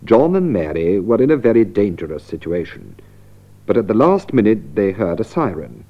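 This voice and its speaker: Man, lesson narrator, clear and measured, low voice with lively pitch, slightly dull lo-fi recording. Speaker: narrator and presenter. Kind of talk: scripted narration for English learners.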